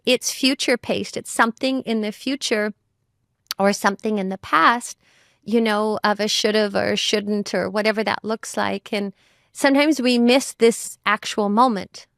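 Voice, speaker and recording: A woman's voice: mid-range voice, fairly even intonation, measured pace, vocal fry, a bit bright, dry recording, studio quality. A woman who is a mother, talking as a guest in a reflective conversation, thoughtful and full of "you know" and "like" fillers.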